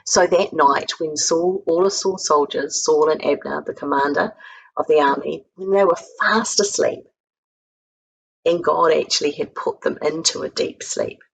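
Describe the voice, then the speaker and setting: A woman with a New Zealand accent preaches a sermon in a low voice with a gravelly edge. She tells the story with energy and raises her voice to act out each quoted line. A faint hiss sits under the recording. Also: low-quality recording. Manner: lively storytelling, acting out quoted lines with a raised voice. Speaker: guest speaker. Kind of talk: sermon retelling a Bible story. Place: home recording for an online church service.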